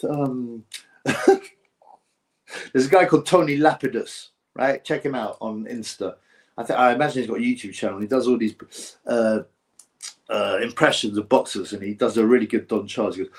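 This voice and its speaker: A man's voice: medium pitch, a little mellow. A man hosting a casual boxing live stream, reading viewer comments in a rambling, mocking way with bits of mimicry.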